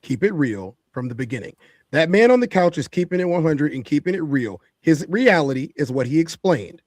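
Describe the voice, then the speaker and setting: A man's voice: on the high side, sing-song, fairly quick, a little mellow, dry recording, studio quality. A man co-hosting a talk show, giving opinionated commentary in an emphatic, preachy way and repeating his points for effect. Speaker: podcast co-host.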